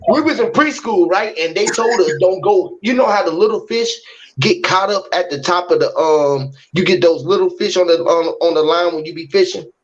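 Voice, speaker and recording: A man with a fairly high voice holds the floor in a loose, casual chat. He rambles and swears freely, stretching out playful metaphors. The recording sounds muffled and lo-fi. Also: moderate pace. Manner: rambling, profane, spins long fish metaphors. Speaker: host of an online talk room.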